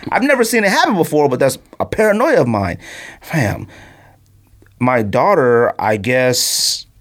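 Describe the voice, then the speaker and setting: A man in his thirties, a podcast host, telling a story with excitement, laughing often and acting out quotes in a high voice. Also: a little slow. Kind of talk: animated storytelling.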